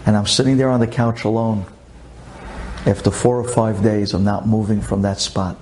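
A man telling a personal story in an emotional sermon, dropping to near whispers and then rising high. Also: flat delivery, moderate pace, a little hiss or hum. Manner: dramatic swings from hushed to soaring. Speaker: religious speaker.

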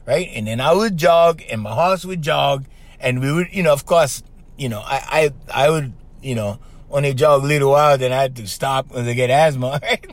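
A middle-aged man, hosting a podcast in a casual monologue. He tells stories in an animated way, keeps checking in with "right?", and has the strong voice of a trained singer. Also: mid-range voice, normal speed, no echo. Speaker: podcast host.

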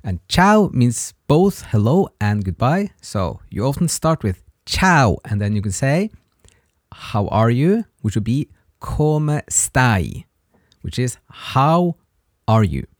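A man hosting a podcast and teaching a language lesson, patiently repeating short phrases slowly for listeners to practice. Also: mid-range voice, sing-song, dry recording, clean studio sound. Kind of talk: slow spoken language lesson.

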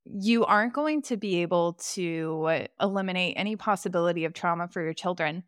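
A woman hosting a podcast who interviews her guest and answers warmly, offering reflective comments. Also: on the low side, fairly quick, clean tone, dry recording, clean studio sound. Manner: warm and affirming, fond of reflective comments. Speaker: podcast host.

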